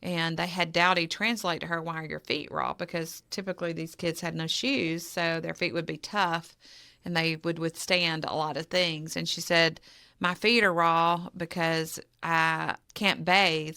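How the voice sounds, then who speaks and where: Woman, charity co-founder, close dry mic, low-ish voice with fry, vivid storyteller. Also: moderate pace, no echo. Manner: animated storyteller, acts out quoted dialogue. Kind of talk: personal storytelling in a podcast interview.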